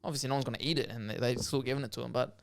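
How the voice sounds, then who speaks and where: A man's voice: mid-range voice, steady tone, very fast, creaky. A man, co-hosting a podcast in casual chat. He jokes a lot and rambles through many fillers. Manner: joking, rambling, lots of fillers. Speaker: podcast co-host.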